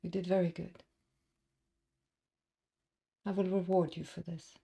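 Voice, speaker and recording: Figure: cold, formal male crime boss, voiced by a woman. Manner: slow, measured. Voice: low, gravelly. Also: flat delivery, dark tone.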